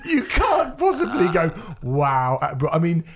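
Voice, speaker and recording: A man's voice: a little high, unhurried. A man co-hosting a music podcast, chatting casually and breaking into laughter while mocking. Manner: animated, laughing, mocking in bursts. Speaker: podcast co-host. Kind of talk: casual chat.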